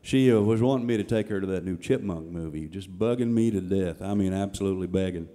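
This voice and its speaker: A man chatting on a live stage, telling quick, laughing stories about his children. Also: sits low, in a large hall. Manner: quick, soft, laughing anecdotes. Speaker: singer. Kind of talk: onstage chat. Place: live stage in a family theater. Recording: live stage with band music behind.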